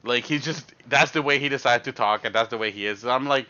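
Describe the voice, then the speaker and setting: Young man storyteller, bright tense voice, rambling and animated, dull stream mic. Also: mid-range voice, quick pace. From Canada. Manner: rambling, animated, heavy fillers. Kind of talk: casual storytelling.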